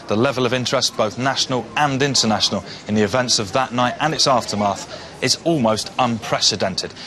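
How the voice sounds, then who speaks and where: A man presenting a documentary programme, brisk and formal. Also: mid-range voice. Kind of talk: scripted presenting.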